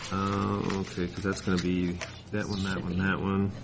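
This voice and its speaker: A man chairing a county board meeting, brisk and procedural with a dry sense of humor. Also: sits low, completely flat delivery, noisy background. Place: public meeting room.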